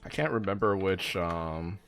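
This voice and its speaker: A man's voice: deep voice, a little slow, gravelly, a bit bright. A young man chatting casually on a live gaming stream, rambling with lots of fillers as he answers chat.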